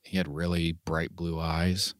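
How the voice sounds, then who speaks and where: A man co-hosting a podcast in casual chat, telling stories loudly with playful impressions. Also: low voice, measured pace, no echo, studio quality. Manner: animated, loud storytelling with playful impressions. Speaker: podcast co-host.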